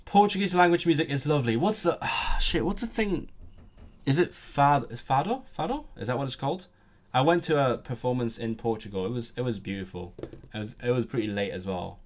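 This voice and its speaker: A man's voice: mid-range voice, quick pace. Brief young adult man, language streamer, rambly and self-interrupting, mid-range voice. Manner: rambling, restarts often, thinks aloud. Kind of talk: casual livestream chat and reading aloud.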